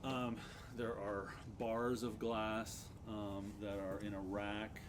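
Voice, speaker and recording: A man running a tabletop game as game master, describing scenes with many pauses and fillers. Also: fairly low pitch, flat delivery. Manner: hesitant, many fillers, chuckling. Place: backyard or living room, home table. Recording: noisy home table recording.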